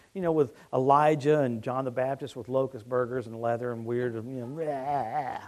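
A middle-aged man preaching a sermon, telling stories that swing from hushed tones to excited shouting. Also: mid-range voice.

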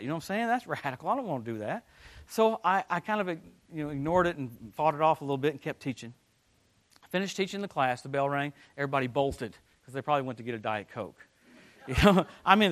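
A middle-aged male preacher with a high-set voice works through his sermon in an animated, storytelling way. He laughs easily and swings from loud bursts to near-murmured asides. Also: quick pace.

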